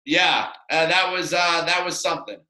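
A man's voice: fairly high pitch, normal speed, roomy sound, over a noisy crowd, low-quality recording. A young man co-hosting a podcast, telling a story in a rambling, self-deprecating way with many fillers. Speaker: podcast co-host. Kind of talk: casual storytelling chat.

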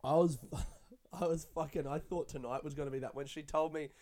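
A young adult man, a stand-up comedian, rambling in a casual, excitable monologue full of swearing. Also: on the high side, brisk. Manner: profane, chatty, excitable.

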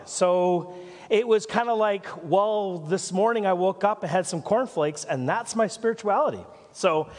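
A man's voice: high-pitched, long reverb tail. A Canadian man preaching a sermon as pastor, telling rambling stories full of asides and small jokes. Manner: rambling, self-interrupting storytelling with asides and jokes. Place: church.

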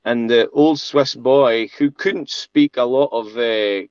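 A man's voice: mid-range voice, clear, resonant tone, no echo, muffled recording. A man, a sheep farmer being interviewed, telling a long story casually with many restarts and laughs. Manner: chatty, halting, laughs often, many restarts.

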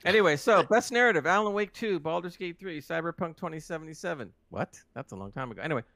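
A fairly high, very lively male voice, swinging up and down as he reads through a list and comments on it. The sound is close and dry, with no room around it, in a relaxed podcast chat. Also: quick pace, no room sound. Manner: animated, reads lists with asides. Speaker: podcast co-host reading award nominees.

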